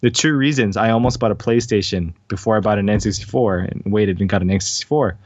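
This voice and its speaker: A man's voice: on the low side, quick pace, a little mellow, no room sound, muffled recording. A man joking around in casual, profane banter while he interviews his guest. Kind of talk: casual chat.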